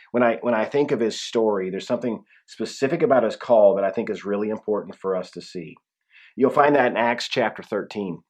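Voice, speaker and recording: A man's voice: lowish voice, darkish tone. A man preaching a conversational sermon as pastor, with frequent restarts and emphatic drops in his voice.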